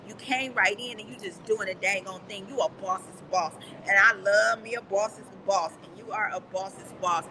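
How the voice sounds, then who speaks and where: A woman coach, speaking in an excited, emotional way to people on a call from an event lobby. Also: medium pitch, slight background noise, low-quality recording. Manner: fired-up, emotional, calls out to the audience. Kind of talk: excited motivational call talk. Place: hotel lobby at a busy event. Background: crowd and announcements at an event.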